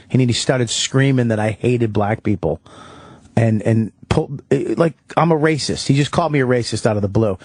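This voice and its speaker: A man co-hosting a radio show, telling an anecdote in a lively, profane way. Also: mid-range voice, moderate pace, dry recording, clean studio sound. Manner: animated, profane storyteller. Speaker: radio co-host. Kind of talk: casual radio storytelling. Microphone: studio microphone.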